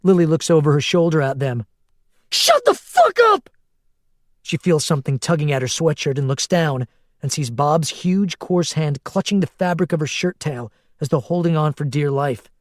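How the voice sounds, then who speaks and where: A man narrating an audiobook in a steady, measured storytelling voice. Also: on the high side, dry recording, studio quality. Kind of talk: scripted narration.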